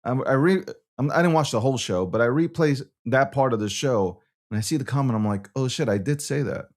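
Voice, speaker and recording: A man with a thick Brooklyn New York accent runs a live-streamed talk show, his voice sitting at an ordinary middle pitch. He talks in a brash, loose way, cursing casually, repeating lines and tripping over quick restarts. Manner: brash, swearing, repeats himself, stammering restarts. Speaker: show host.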